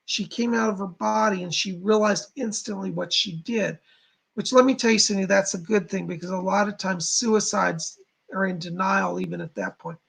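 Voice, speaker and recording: A man who is a psychic medium giving live readings to viewers in a halting, reassuring way, speaking to them directly. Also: sits high, vocal fry, fairly bright tone, husky.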